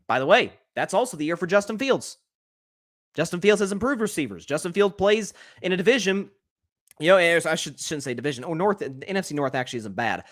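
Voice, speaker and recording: A male sports show host talking through his takes alone, opinionated and animated. His voice sits fairly high for a man and swings widely in pitch as he pushes his points. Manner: animated, opinionated, talks fast with restarts. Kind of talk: solo sports commentary.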